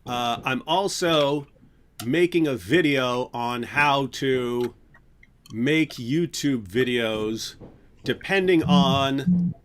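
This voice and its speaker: A man's voice: medium pitch, very slow. A man hosting a casual livestream, talking in a loose, rambling way full of fillers and restarts. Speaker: livestream host.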